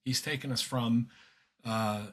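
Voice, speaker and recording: A man's voice: mid-range voice, steady tone, slow, a bit bright. An older American man talking in an earnest, emphatic way as a podcast guest, often restarting his sentences. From United States. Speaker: guest commentator. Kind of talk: conversational podcast interview.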